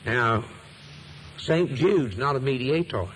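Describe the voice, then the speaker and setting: A man preaching a sermon at an ordinary middle pitch, building his points through repetition and rising emphasis. A faint hiss of background noise sits under his voice. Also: lively intonation, slow pace, fairly bright tone, rough recording. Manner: preaching with a swelling, emphatic cadence and repeated phrases.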